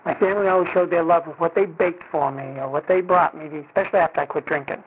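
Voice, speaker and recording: A fast-talking man with a slightly high voice and fairly even intonation shares his recovery testimony at a meeting. He keeps it conversational, says "you know" a lot, and acts out quoted dialogue; the tinny phone-line sound carries slight background noise.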